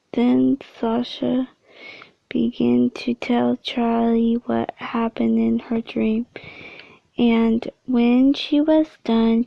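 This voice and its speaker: A woman reading a fan story aloud in a halting way, often whispering and correcting herself. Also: a little high, gravelly, dry recording, highs cut off. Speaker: amateur story reader.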